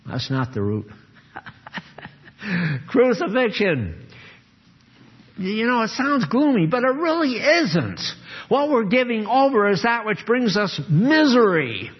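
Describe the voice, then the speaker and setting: Slow-preaching older man, lo-fi. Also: big pitch swings, slightly rough. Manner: earnest, emphatic, swings between low grave tones and raised exhortation. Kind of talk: sermon.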